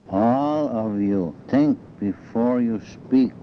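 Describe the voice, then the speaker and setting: A man teaching a language lesson, saying each phrase twice in a slow, measured way. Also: mid-range voice, dull audio, slight background noise.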